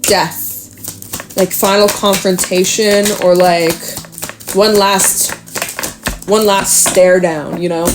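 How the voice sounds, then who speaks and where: A woman's voice: mid-range voice, slow, music in the background. A young woman giving a casual tarot reading, talking to the cards as she draws them, swearing offhandedly and laughing often. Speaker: tarot reader.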